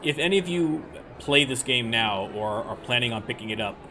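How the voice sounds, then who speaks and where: A man's voice: mid-range voice, expressive, normal speed, noisy background. A man from southern Ontario with a Canadian accent, chatting casually and self-mockingly while playing a game. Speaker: let's play host. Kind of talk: casual gameplay commentary. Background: game music.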